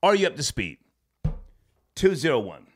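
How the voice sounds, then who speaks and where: A man with a slightly high voice hosts a call-in show and tells a long, rambling story. He talks casually, swears freely and gets animated, laughing at his own punchlines. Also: normal speed, slight background noise. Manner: animated, profane, laughs while telling stories.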